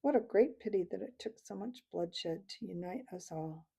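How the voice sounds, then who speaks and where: A woman reading the part of a dying old male abbot mouse, speaking slowly and tenderly. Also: mid-range voice, lively intonation, vocal fry, mellow, husky. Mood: gentle, fatherly. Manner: slow, tender, fatherly.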